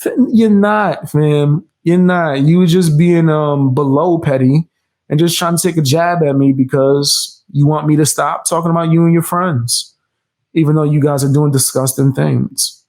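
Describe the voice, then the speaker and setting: A man's voice: fairly high pitch, steady tone, moderate pace, a little mellow. A man hosting a reaction commentary, defiant and mocking, with casual slang and frequent laughs. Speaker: commentary channel host.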